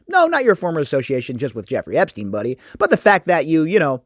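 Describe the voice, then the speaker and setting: A man's voice: fairly high pitch, sing-song, quick pace, few pauses, dry recording, highs cut off. A male radio host giving a sarcastic, mocking, opinionated commentary monologue.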